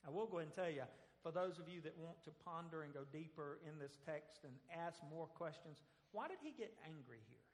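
Male pastor, slightly higher voice, conversational sermon delivery in a big echoey hall. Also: lively intonation, a little fast, hardly any pauses. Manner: conversational, acts out quoted lines, rhetorical questions.

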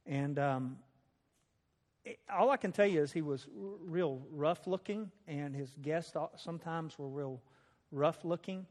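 A slightly high-voiced man tells a personal testimony in a folksy, chatty way. His voice rings out with a long reverb through a large hall. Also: a little slow, darkish tone. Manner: folksy, conversational, with laughter. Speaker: speaker sharing a personal testimony. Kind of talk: storytelling testimony.

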